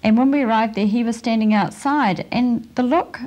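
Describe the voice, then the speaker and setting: A woman giving a testimony as a mother, earnest and halting, with emotion. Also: a little high, dark tone.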